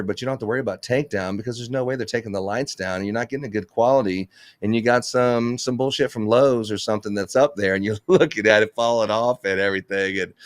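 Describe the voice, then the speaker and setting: A man's voice: lowish voice, no room sound. A man who runs a Christmas lights business, talking bluntly in a casual live chat, swearing and laughing often.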